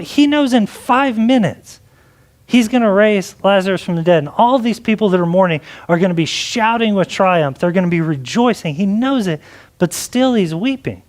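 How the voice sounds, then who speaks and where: Guy pastor preaching, high-ish voice, chatty, lots of "like". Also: lively intonation, normal speed. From Texas. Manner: conversational preaching with many likes. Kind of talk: sermon.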